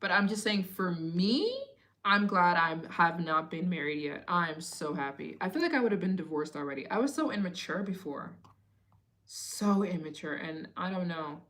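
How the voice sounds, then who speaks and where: A woman in her late twenties, chatting casually and telling stories in an expressive way as the host of a live Q&A stream. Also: on the low side, normal speed. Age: 20s. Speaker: travel vlogger hosting a live Q&A.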